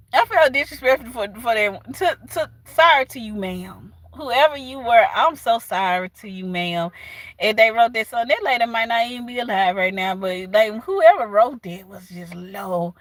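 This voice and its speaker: A woman with a Southern US accent chatting casually with her livestream viewers, animated and laughing often. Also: a little high, a little slow, no echo. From southern United States. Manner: animated, laughs often, talks back to chat. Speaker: livestream host.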